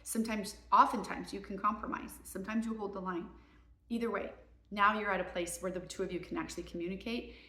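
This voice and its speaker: A woman's voice: mid-range voice, a bit bright, reverberant. A woman, a mother and parenting coach, giving earnest, emphatic advice in a casual talk to camera. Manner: earnest, emphatic, voices kids and parents in quick asides.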